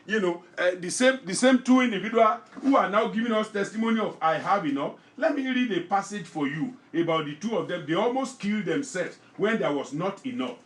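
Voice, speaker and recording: High-voiced fervent man preaching. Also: expressive, brisk, hardly any pauses, echoey room. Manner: fervent, repetitive preaching, rising to shouted prayer; reads scripture aloud with comments. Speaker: pastor. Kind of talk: sermon and prayer.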